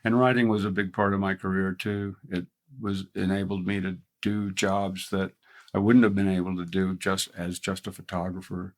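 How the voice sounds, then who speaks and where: A fairly low-voiced older man with a faint Southern accent, guesting on a podcast. He rambles through his stories with frequent restarts and chuckles along the way. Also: level tone, normal speed. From Mississippi, US. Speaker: ski photographer guest. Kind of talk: casual interview storytelling.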